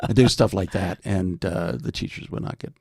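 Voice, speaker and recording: Gravelly older American man telling stories. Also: low voice, moderate pace, no room sound, studio quality. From United States. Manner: animated storyteller, jumps into voices. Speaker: podcast guest, veteran actor. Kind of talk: casual chat with anecdotes and impressions.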